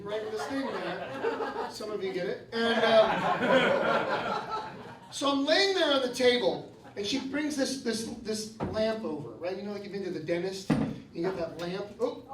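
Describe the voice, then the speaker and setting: A man telling a stand-up story to a live audience, talking to the crowd with lively energy. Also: high voice. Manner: animated, talks to the crowd. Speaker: stand-up comedian. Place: comedy club. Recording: echoey club, distant mic, loud crowd.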